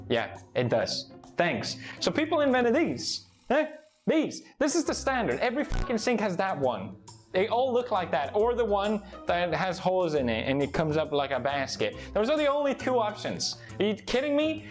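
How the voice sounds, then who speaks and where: A European man delivering a comedic, sarcastic rant full of swearing. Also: sits high. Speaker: comedy YouTuber.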